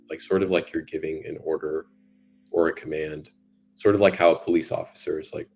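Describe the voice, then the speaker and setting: A man's voice: deep voice, little pitch movement, moderate pace, darkish tone, faint music behind. A man talking as an interview guest about sales, in loose, talky conversation with plenty of fillers. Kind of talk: casual conversation.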